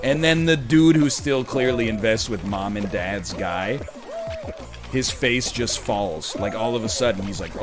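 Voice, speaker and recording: A man in his thirties giving casual gameplay commentary, chatty and prone to sudden excited yelling. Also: fairly low pitch, unhurried, over music. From Canada. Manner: animated, jumps from chatty riffing to excited yelling at the game. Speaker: gaming commentator.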